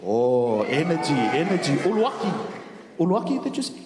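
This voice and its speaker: A man's voice: a little high, very animated, brisk, background noise. A man working as MC at a dance show, teasing kids on stage and hyping up the crowd. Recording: echoey hall with music and crowd. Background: music and an audience.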